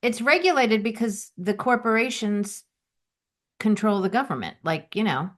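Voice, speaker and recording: A woman co-hosting a podcast in relaxed, chatty conversation. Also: mid-range voice, moderate pace. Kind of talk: casual chat.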